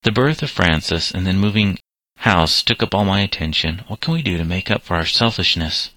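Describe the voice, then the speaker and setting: A man reading the lines of a caring Christian mother in a storybook, earnest and gently reproving, in his own low voice. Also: expressive, brisk, no echo. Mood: concerned.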